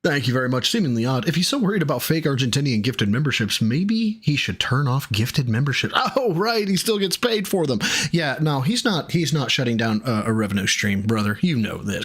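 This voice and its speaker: A man streaming, pausing a clip to talk back at it in exasperated, profane casual commentary. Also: mid-range voice, very animated, slightly rough. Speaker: streamer reacting to a video.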